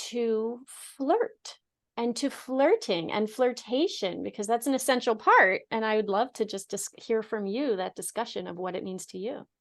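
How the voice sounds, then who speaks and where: A woman hosting a casual interview, effusive and encouraging toward her guest. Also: on the high side. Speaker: host.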